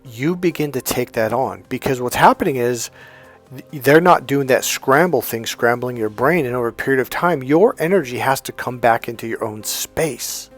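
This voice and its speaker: A man's voice: medium pitch, animated, moderate pace, faint music behind. A man coaching in a casual motivational monologue, talking conversationally with frequent restarts and quoted dialogue. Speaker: dating and healing coach.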